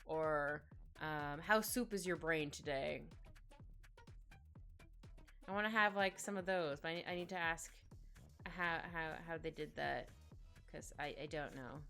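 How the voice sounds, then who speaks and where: A woman's voice: low voice, unhurried, creaky, pauses often. A woman chatting casually while she draws on a live stream, rambling and giggly, with many little asides. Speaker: digital artist streaming her drawing. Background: soft background music.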